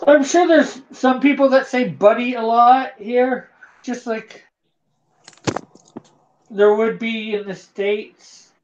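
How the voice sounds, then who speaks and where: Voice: medium pitch, slow pace, pauses often. A host from Canada, chatting casually on a live drawing stream and reading viewer comments aloud in an easygoing way. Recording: dull lo-fi sound.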